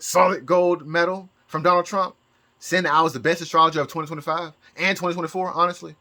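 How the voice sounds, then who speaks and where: Halting, emotional bright-voiced man. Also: fairly high pitch. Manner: halting, with many repeated words and restarts. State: emotional, near tears. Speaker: astrology YouTuber. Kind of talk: rambling personal monologue.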